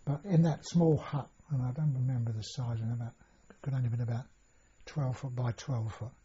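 Older man with a husky, mellow voice. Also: mid-range voice, steady tone, moderate pace. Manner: rambling, many restarts and fillers. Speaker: interviewee. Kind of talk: oral history interview. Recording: dull lo-fi recording.

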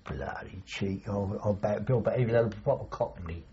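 Here a veteran being interviewed for oral history recalls the war at a moderate pace, his fairly low, dark voice rambling and faltering between chuckles. The lo-fi recording is dull, with a little hiss or hum.

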